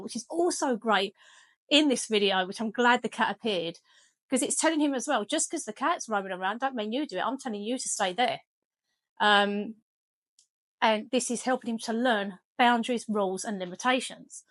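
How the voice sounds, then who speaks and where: Chatty dog trainer, woman, slightly high pitch, firm with commands. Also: a bit bright, no room sound. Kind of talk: casual training demonstration. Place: home kitchen.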